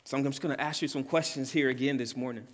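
A pastor preaching a sermon with earnest emphasis, repeating key words and rising in pitch and volume at his climactic points. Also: steady tone, fast. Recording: long hall reverb.

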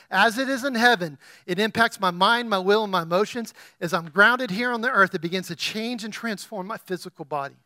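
High bright-voiced male preacher. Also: no room sound, studio quality. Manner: animated preaching, rising to loud emphatic peaks, asks the congregation questions. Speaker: pastor. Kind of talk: sermon.

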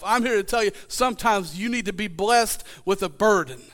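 A man preaching a sermon in church, building to shouted fervor. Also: high-pitched, normal speed. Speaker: pastor.

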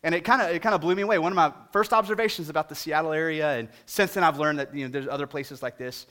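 A middle-aged male pastor delivering a sermon, his voice sitting a bit high. He tells stories with animated, humorous energy, climbing in pitch and volume at the punchlines before settling back to the point. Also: fast.

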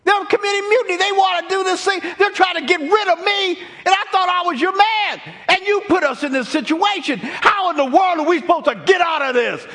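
A man playing Moses as a frantic, exasperated leader who shouts his complaints. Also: very high-pitched, brisk, hardly any pauses, voice pushed up.

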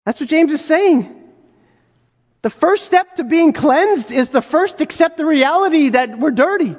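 High-voiced man preaching in a big hall. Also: animated, a little slow. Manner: conversational, rhetorical questions, acts out quoted voices. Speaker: pastor. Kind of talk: sermon.

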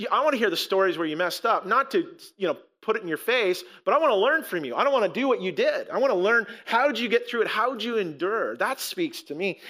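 A man preaching a sermon as a pastor, emphatic, repeating phrases and swinging between loud stretches and hushed ones. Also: high voice.

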